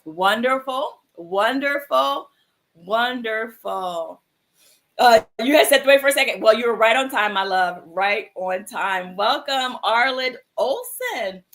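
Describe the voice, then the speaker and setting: A woman's voice: on the high side, normal speed, hardly any pauses, a bit bright. A woman hosting a livestream mindfulness show, chatting casually with viewers in an affectionate, encouraging way. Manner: affectionate, encouraging, calls viewers "my love" and "sis".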